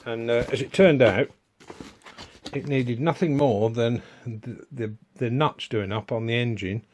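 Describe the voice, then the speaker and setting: A man's voice: mid-range voice, a little slow, a little mellow, a little hiss or hum. A middle-aged man, chatting casually in a home workshop vlog and going off on homely asides. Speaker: DIY vlogger.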